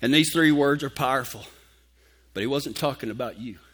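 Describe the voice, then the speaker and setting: A man preaching a sermon, telling a folksy personal story and dropping to a hushed tone for scripture. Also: mid-range voice, a little fast, slightly rough. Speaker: pastor.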